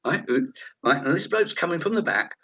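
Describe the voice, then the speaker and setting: A comedian telling stage anecdotes in a chat interview, rambling and lively, acting out the voices of people in the story. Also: male voice, on the high side, moderate pace, slightly rough. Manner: rambling, animated, acts out quoted voices. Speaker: comedian guest. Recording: dull lo-fi audio.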